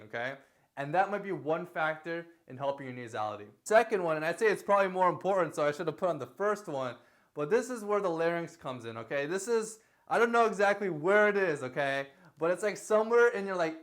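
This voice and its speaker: A young man giving a casual singing lesson, talking in a chatty way and often checking in with a quick "okay?". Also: on the high side. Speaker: singing teacher.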